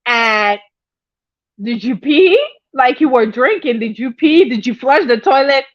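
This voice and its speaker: High-voiced woman chatting on a livestream. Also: animated, unhurried, no echo, highs cut off. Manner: chatty, laughs often, greets viewers by name. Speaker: livestream host. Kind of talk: casual livestream gossip chat.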